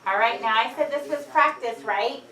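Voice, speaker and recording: A woman teacher leading a phonics lesson in a classroom, drilling words slowly and clearly. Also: a little high, pushed and bright. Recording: echoey room from a distance.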